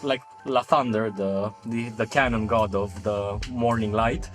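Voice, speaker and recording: Halting man chatting about his game character. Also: on the low side, steady tone, soft background music. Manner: halting, many restarts and laughs. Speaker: tabletop game player. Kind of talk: casual panel chat.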